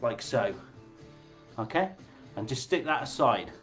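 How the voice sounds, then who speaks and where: A man's voice: medium pitch, expressive, measured pace, a bit bright, soft background music. A man hosting a casual live cooking class, chatty, jokey and informal as he demonstrates.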